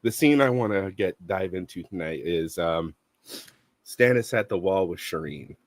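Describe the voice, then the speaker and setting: A man's voice: deep voice, expressive, moderate pace, dry recording. A man calling in to a show from the greater Boston area, chatting in an easygoing way. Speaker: caller. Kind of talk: casual call-in chat.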